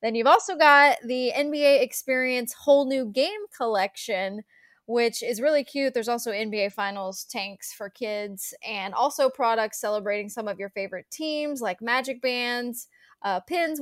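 A woman co-hosting a casual podcast, enthusiastic and quick to laugh as she shares shopping news. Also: a little high, no echo, clean studio sound. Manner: enthusiastic, giggly. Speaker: podcast co-host. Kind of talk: casual chat.

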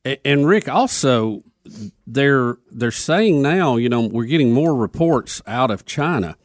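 A man's voice: medium pitch, expressive, a little slow, no room sound. A man co-hosting a radio show in a studio, passing on news in an earnest, concerned way into a studio microphone. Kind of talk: casual morning radio banter.

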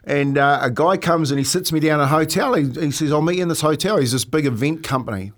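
A man's voice: fairly high pitch, fast. An Australian man, a former footballer, telling a story on a casual chat show and laughing as he goes. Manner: laughs through his stories, animated. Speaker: podcast co-host, former footballer.

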